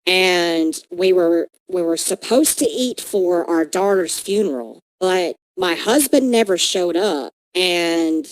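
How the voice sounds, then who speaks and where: A lost, grieving ghost of a mother, as a man puts her on in a tabletop game, halting and stammering with a lively, rising and falling pitch. She speaks slowly in a dry, close sound. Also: no room sound, poor audio. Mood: confused, lost. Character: grieving, confused ghostly mother, middle-aged woman.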